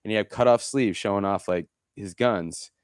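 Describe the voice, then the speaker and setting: A man's voice: fairly low pitch, moderate pace, smooth, no echo, clean studio sound. A man co-hosting a podcast, chatting casually, rambling through stories with many fillers and restarts. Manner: mimics people in quoted asides. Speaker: podcast co-host. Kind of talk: casual chat.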